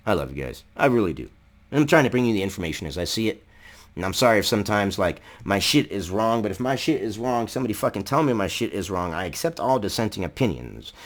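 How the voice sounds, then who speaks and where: A man ranting angrily in a vlog, swearing heavily, raising his voice and firing off rhetorical questions. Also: medium pitch. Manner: profane, heated, shouting at times. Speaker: political commentary vlogger. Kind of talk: angry ranting commentary.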